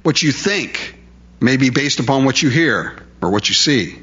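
A man's voice: mid-range voice, lively intonation, normal speed, fairly bright tone, highs cut off. A male preacher delivering a sermon in an emphatic, conversational way, full of rhetorical questions.

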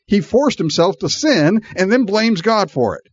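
A man preaching a sermon with a lively, animated delivery, his pitch rising and falling a lot. He talks to his listeners casually and acts out the people in the story. The sound is dry and a little dull. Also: unhurried, husky, dry recording. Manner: animated and conversational, acting out voices with frequent laughs. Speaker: pastor.

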